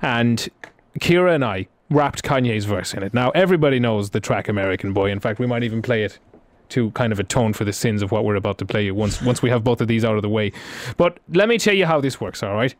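A man's voice: fairly low pitch, animated, quick pace, no room sound. A man hosting a radio show, chatting casually and teasing his co-host. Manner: playful, teasing.

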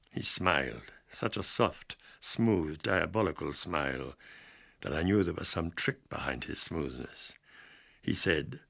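A man reading an audiobook aloud with dramatic, measured storytelling. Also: low voice, gravelly, fairly bright tone. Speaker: narrator. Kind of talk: scripted audiobook narration.

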